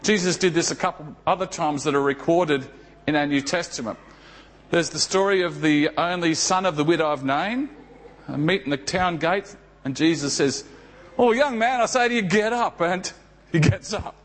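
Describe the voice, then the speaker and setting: A man's voice: fairly high pitch, normal speed. A man preaching a sermon who tells a story and often asks his listeners rhetorical questions. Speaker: pastor.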